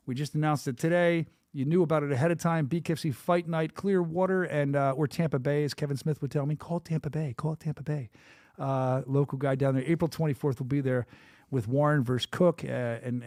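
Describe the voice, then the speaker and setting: A man with a Delaware County Philly accent hosts a podcast and rattles along at a brisk clip in a slightly higher voice. His joking hype-man patter sounds close and dry on a studio mic. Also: darkish tone, no room sound. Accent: Delaware County Philadelphia. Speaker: host. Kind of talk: casual podcast chat.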